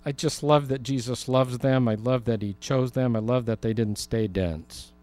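A man's voice: mid-range voice, steady tone, normal speed, darkish tone. Conversational male pastor teaching scripture. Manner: conversational, humorous asides, laughs. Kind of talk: sermon, Bible teaching.

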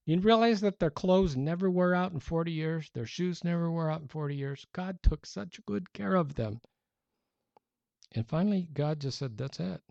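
A man preaching a sermon as a pastor, conversational and animated, acting out the people he quotes. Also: on the high side, vocal fry, no room sound, lo-fi sound.

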